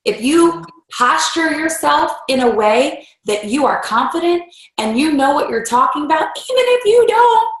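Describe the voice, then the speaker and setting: A fairly high-voiced woman gives a lively motivational talk to her team. She slips into playful voices for the things people might say. The sound carries a roomy echo. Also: normal speed. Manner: animated, acts out voices in quotes. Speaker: team leader giving a training talk.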